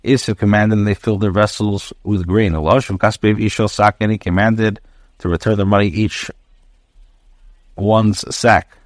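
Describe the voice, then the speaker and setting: A man, a rabbi, giving a daily class, reading Hebrew phrases aloud and translating and explaining them line by line with frequent pauses. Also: fairly low pitch, steady tone, no room sound, studio quality.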